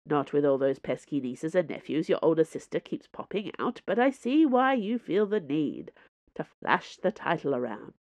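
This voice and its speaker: A man's voice: on the high side, no room sound, muffled recording. Woman narrator playing a posh, mocking male duelist: cool, theatrical, upper-class.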